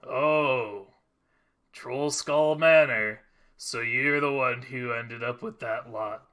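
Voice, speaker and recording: A large fire genasi smith, gruff and grumbling, always put-upon, as a man puts him on. The voice is bright and forceful yet slow. It comes from a tabletop game session. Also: mid-range voice.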